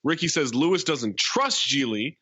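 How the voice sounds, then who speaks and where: Male podcast co-host, animated and wry, muffled dry mic. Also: mid-range voice, moderate pace, no echo. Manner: lively, recaps plot with wry jokes. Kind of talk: casual movie review chat, recapping the plot.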